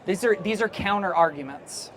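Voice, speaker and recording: This conference presenter and teacher trainer has a fairly bright tone and a voice that sits high, moving at a moderate pace over slight background noise. Chatting casually through his live workshop talk, he laughs easily with the room.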